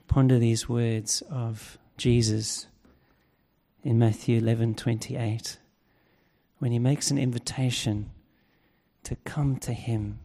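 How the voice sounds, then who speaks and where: A man preaches in a slow, measured cadence, leaning into his key points with growing force. His voice sits at an ordinary pitch and carries a long reverb from a large hall. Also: mellow. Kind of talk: sermon.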